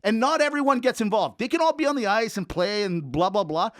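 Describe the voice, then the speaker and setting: A man's voice: high-pitched, fairly quick, no echo, clean studio sound. A man co-hosting a sports podcast, joking and ranting in casual banter. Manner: animated, joking, riffs and rants. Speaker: podcast co-host.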